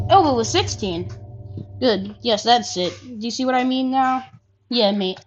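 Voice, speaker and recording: A woman's voice: fairly high pitch, animated, a little slow. A woman giving let's-play commentary, thinking aloud, counting under her breath and swearing freely. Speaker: gaming channel host. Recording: slightly dull audio with loud game music.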